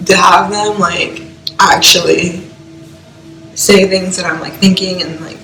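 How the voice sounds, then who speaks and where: A woman's voice: on the low side, fairly even intonation, slow, pauses often, pushed and bright, soft background music. A young woman from the US East Coast rambling through an emotional reaction vlog, filling her talk with "like". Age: young adult. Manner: rambling, heavy use of "like", emotional. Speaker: vlogger reacting to music. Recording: echoey room.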